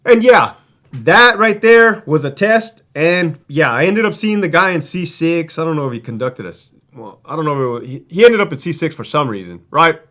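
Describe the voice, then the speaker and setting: A man's voice: on the high side, sing-song, normal speed, fairly bright tone. A man who used to be a prison guard tells stories in a casual, profane, streetwise way, rambling and restarting his sentences. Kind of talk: casual storytelling.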